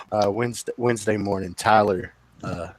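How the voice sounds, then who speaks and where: A man guesting on a podcast, telling a story in a lively, profane, casual way. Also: on the low side, measured pace, a little hiss or hum. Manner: animated, profane, mimics others.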